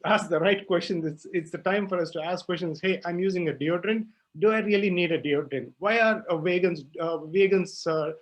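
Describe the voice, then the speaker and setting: A man's voice: on the high side, lo-fi sound. A young man speaking on a panel, passionate and emphatic, with many fillers and restarts. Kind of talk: panel discussion.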